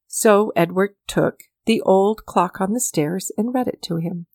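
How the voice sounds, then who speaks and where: A woman reading an old-fashioned story aloud in measured, even audiobook narration. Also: medium pitch, no room sound, clean studio sound. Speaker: reader.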